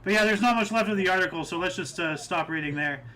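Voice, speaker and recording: A man's voice: high voice, quick pace, pushed and bright. A man hosting a casual chat show, laughing often and steering the talk back to the news. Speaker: show host.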